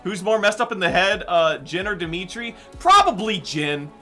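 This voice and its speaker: A young man with a high, bright, forward voice chats loosely while he plays, drifting from one tangent to the next. His talk is peppered with "like" and "um," with an easygoing streamer feel. Faint game music plays under him. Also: sing-song, normal speed. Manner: rambling, tangent-prone, heavy use of "like" and "um". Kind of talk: casual chat while gaming.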